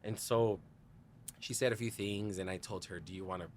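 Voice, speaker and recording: A man's voice: fairly low pitch, fairly even intonation, normal speed, darkish tone, slight background noise. A man, a podcast guest, telling a candid personal story with lots of "like" and "you know", acting out the lines of the people in it and laughing often. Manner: quotes others in dialogue, frequent "like" and "you know".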